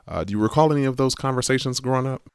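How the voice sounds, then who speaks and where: A man hosting a podcast who offers brief affirmations, then asks quick follow-up questions. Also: mid-range voice, clear, resonant tone, dry recording, studio quality. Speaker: podcast host. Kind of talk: interview questions.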